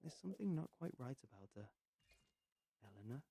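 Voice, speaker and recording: A man reading a first-person story aloud in an unhurried way with pauses, sometimes muttering asides to himself while he plays a game. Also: fairly low pitch, warm tone. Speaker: narrator.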